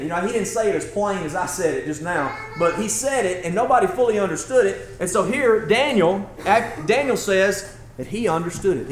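A man preaching in a relaxed, folksy way, then rising into emphatic, fervent passages. His voice sits high for a man, and the sound carries the echo of a church room. A faint background hum sits under the whole recording. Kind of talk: sermon.

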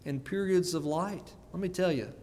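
A man's voice: a little high, moderate pace, darkish tone, long reverb tail. A man preaching a sermon in an earnest way, often repeating words and putting questions to his listeners.

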